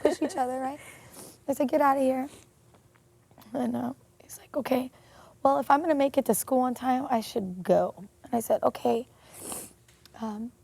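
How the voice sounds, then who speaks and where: A woman telling a painful personal story in an interview, earnest and emotional, with many pauses and fillers. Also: a little high, vocal fry, mellow. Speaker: interview guest.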